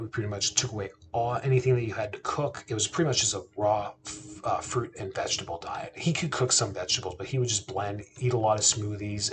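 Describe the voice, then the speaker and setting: Earnest, low-voiced man telling a story. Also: a little hiss or hum. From Canada. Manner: earnest, conversational, quotes himself and his father. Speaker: chiropractor, podcast host. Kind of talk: casual storytelling.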